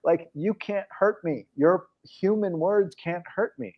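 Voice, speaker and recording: A man's voice: sits high, slow pace, voice pushed up. Blunt, unshockable God in a raised voice , put on by a man, coaxing and casual; dull lo-fi recording. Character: God, a male voice, calm and unshockable.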